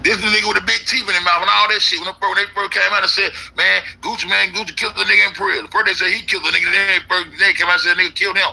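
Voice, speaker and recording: A man's voice: high voice, level tone, rapid-fire, gravelly, hardly any pauses, sharp tone, breathy edge, rough recording. A man ranting in a casual, profane, rambling way, repeating himself as an internet commentator. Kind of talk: casual conspiracy rant.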